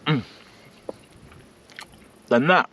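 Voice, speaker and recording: This man draws out his words in a sharp tone as he vlogs casually to camera from a countryside campsite, laughing often at his own expense. The audio sounds dull and carries slight background noise.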